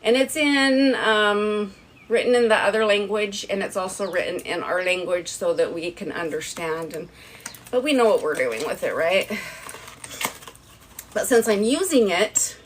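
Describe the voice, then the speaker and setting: A woman's voice: medium pitch, animated, measured pace, a little hiss or hum, poor audio. A woman rambling through a casual live product showcase, with a stern, firm voice and a habit of asking "right?" after each point. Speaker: TikTok live seller. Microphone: phone livestream.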